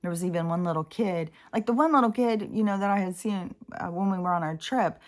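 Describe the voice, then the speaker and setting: A woman's voice: on the low side, brisk. A woman talking casually to camera in a rambling, emotional way, with many fillers and the odd curse. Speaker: vlogger. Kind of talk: casual spoken monologue.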